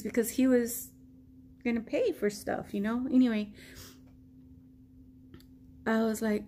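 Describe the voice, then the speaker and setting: A woman's voice: on the high side, measured pace, long pauses, a little hiss or hum. An American woman vlogging a personal story in a casual way, acting out what people said. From United States. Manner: animated retelling, acting out quoted lines.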